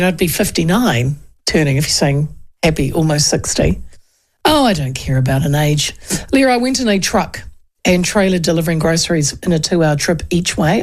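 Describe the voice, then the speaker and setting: A woman in her fifties with a New Zealand accent, hosting a talk radio show in a chatty, digressive way. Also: sits low. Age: 50s.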